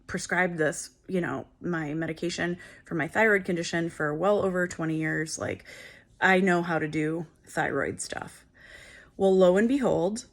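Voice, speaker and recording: A woman in her forties talks straight to her viewers in a casual, candid way. Her voice sits a little low, and she tells her story with chatty, playful asides. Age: 40s. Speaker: wellness channel host. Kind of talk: casual talk to camera.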